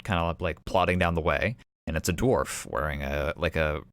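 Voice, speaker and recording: A man's voice: extremely low pitch, moderate pace, fairly bright tone, no echo. A man narrating a tabletop game as game master in a rambling way, full of fillers.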